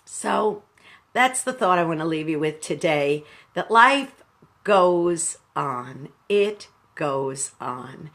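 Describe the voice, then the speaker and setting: With a slightly bright voice on the low side, a sixty-something radio station manager mourns as she speaks live to her viewers. She calls them "boys and girls" and her words come haltingly and thoughtfully.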